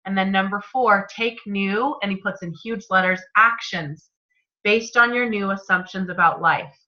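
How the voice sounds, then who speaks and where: A woman's voice: medium pitch, normal speed, bright, forceful tone. A woman leading a motivational group video call, chatty and enthusiastic, with a slightly sore, congested throat. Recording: muffled, lo-fi video call audio.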